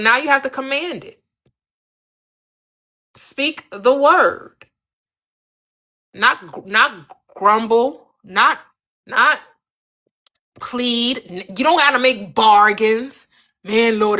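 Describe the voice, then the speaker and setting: A woman delivers a spiritual teaching with a bright, clear voice pitched a little high. She talks in a preacherly rhythm, repeating key phrases and asking rhetorical questions. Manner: emphatic, repetitive, preacherly cadence with rhetorical questions.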